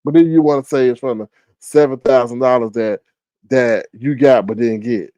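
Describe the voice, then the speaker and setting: A man speaking holds forth on his own live stream, ranting in a sarcastic, animated way. His voice sits at an average pitch for a man. The sound is dry and close, with no room echo. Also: normal speed. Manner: animated, sarcastic, mocking quotes with sudden high squeals. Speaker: live stream commentary host. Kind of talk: casual ranting commentary.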